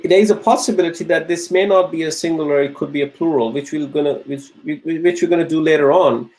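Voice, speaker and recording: Slow, repetitive male language teacher. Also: on the high side, a little mellow, poor audio. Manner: slow and repetitive, restates each answer; checks in with "okay?" and "right?". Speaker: Arabic grammar teacher. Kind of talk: classroom lecture, working through exercises.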